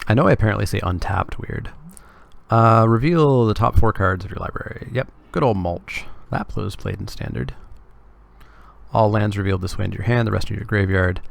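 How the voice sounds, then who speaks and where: A man's voice: fairly low pitch, creaky. A Canadian man giving casual, wry live commentary as he plays a card game and jokes with his chat. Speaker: streamer.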